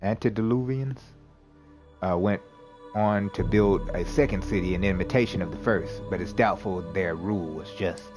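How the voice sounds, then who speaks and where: Man with a low voice reading a game. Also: fairly even intonation, normal speed, over music. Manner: casual, with restarts and asides. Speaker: streamer playing a narrative game. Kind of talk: reading game text aloud with commentary.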